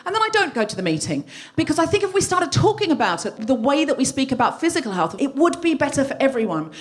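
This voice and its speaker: A woman's voice: sits high, fast. A woman hosting a podcast in front of a live audience, telling a self-mocking comic story and acting out what people said. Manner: animated, self-mocking storytelling that acts out quotes. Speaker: podcast host. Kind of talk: live comedy monologue. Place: live venue stage.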